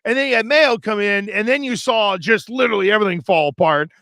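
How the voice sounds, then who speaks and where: A man talks sports with a high, bright, ringing voice. He piles one thought onto the next as he tells animated stories. The studio sound is dry and close. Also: dry recording. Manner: animated storytelling, rapid, run-on. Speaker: sports talk show co-host. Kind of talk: casual sports talk.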